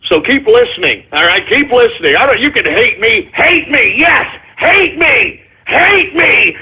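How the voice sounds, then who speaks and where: A man hosting a call-in radio show, goading his trolls with slow, stretched-out taunts and loud bursts of cackling. His voice sits very high and sounds sharp and bright. The audio is dull and lo-fi, like a cheap internet radio stream. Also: very animated, breathy edge. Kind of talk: gloating call-in radio monologue.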